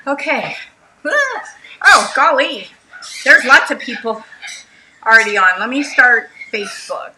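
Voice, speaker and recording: A woman's voice: high voice, very animated, a little slow, long pauses, pushed and bright, a little hiss or hum, poor audio. A woman hosting a casual craft livestream, chatting and greeting her viewers by name.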